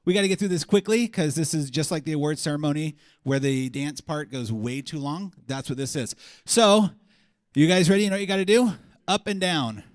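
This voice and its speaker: A man hosting a live stage event, calling names and directing a game with energetic, joking instructions. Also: a little high, no echo. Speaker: host. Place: convention stage before a live audience.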